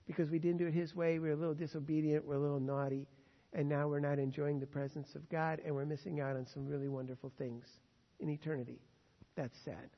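A man's voice: fairly high pitch, fast. A man preaching a sermon who tells stories and acts out the quotes, recorded with dull, echoing sound in a church hall. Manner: storytelling, animated, acts out quotes.

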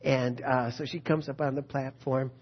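A man preaching an Easter sermon as a pastor, telling a story and then leading a quiet, earnest prayer. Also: mid-range voice, fairly even intonation, moderate pace, big-room sound. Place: church sanctuary. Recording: dull lo-fi sound.

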